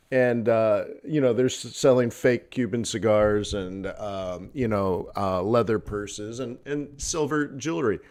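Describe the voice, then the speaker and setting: A man's voice: mid-range voice, darkish tone. A man hosting a live forex trading stream, talking casually, laughing often between loose, rambling thoughts. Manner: chatty, laughs often, fillers and restarts.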